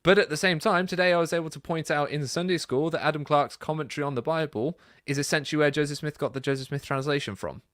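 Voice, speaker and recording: Relaxed, chatty man with dry sound. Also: a little high, quick pace, hardly any pauses, no room sound. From Britain. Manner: chatty and relaxed, many fillers and asides. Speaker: YouTube channel host. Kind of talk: casual Q&A reading viewer comments.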